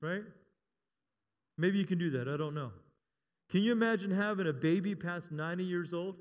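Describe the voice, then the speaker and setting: Man, 50s, church pastor, high voice, lively and joking, reverberant hall. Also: normal speed. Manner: lively, joking, rising to emphatic calls. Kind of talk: sermon.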